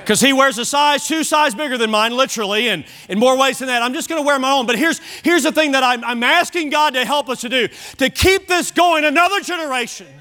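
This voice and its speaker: A man's voice: very high voice, quick pace, few pauses, pushed and bright. A man preaching a sermon at a church service, emphatic and repeating key phrases for weight.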